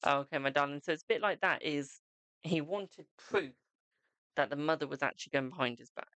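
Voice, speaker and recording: A British-accented tarot reader gives live-stream readings in a chatty manner, calling viewers "my darling." His voice is a little high and sharp-toned, fairly quick, and recorded dry.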